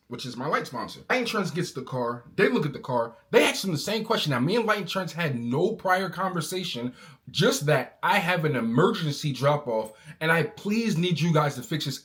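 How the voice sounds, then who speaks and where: A man's voice: on the high side, very animated, brisk, a bit bright. A man in a casual vlog, ranting angrily and talking in slang, calling his listener bro. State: angry. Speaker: car owner vlogger.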